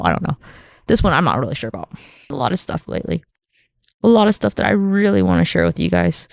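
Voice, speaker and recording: Woman, solo podcast host, rambling and profane, gravelly fry, lively swooping pitch. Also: no room sound, studio quality. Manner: rambling, profane, animated, acts out quoted voices. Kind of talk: casual solo podcast monologue.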